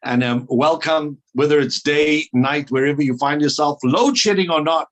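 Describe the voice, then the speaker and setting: A South African man runs an online training call, his voice sitting a little high for a man. He keeps things playful and upbeat, bantering with attendees. The sound comes through a video call. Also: normal speed, lo-fi sound.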